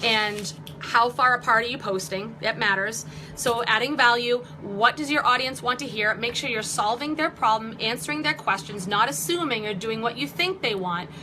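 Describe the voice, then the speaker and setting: A woman's voice: fairly high pitch, normal speed, noisy background. A woman in her forties hosting a live-stream vlog, giving online marketing tips in an upbeat, chatty way with jokey asides. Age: 40s.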